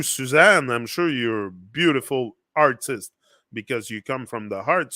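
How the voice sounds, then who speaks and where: Man with a French accent, bright tone, dry close mic; loose, rambling motivational host. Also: mid-range voice, dry recording. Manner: rambling, reads viewer comments aloud. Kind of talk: casual motivational chat.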